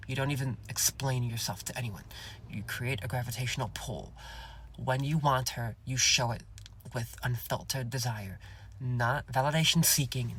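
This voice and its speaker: A man hosting a self-help podcast, speaking in a slow, commanding way that often drops to a whisper and is peppered with "okay?" and "you guys". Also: mid-range voice, fairly bright tone, husky. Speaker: podcast host.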